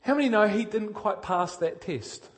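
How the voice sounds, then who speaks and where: With a fairly high, expressive voice, a male preacher delivers his sermon energetically at a moderate pace. He addresses his congregation with direct questions, swinging from loud, pushed emphasis to quiet intensity.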